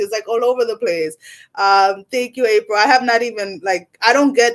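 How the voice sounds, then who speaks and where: A woman in her forties, an intuitive card reader, chats casually on a livestream in a medium-pitched voice at a brisk clip. She's animated and blunt, laughing often and swearing without a second thought.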